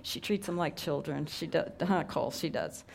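Brief: middle-aged woman pastor, lower voice, chatty and earnest, goes quiet for weight. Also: normal speed, vocal fry. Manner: conversational, earnest, drops to hushed tones for emphasis. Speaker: preacher. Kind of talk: sermon.

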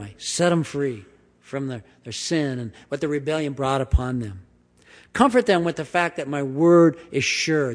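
A man preaching a sermon, reading scripture aloud with sweeping emphasis and then dropping into quiet, conversational explanation. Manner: emphatic reading with big swings of pitch and volume, dropping to quiet asides. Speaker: pastor. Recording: long hall reverb.

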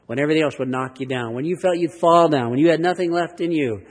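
A man's voice: a little high, fast. Earnest male pastor in a reverberant hall. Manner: earnest, emphatic Bible teaching with rising and falling delivery. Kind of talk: sermon.

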